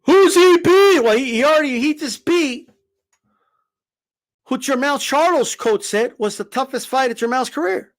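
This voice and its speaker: A man giving a casual, animated opinion rant as a boxing commentator, profane and full of fillers. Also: extremely high pitch, moderate pace.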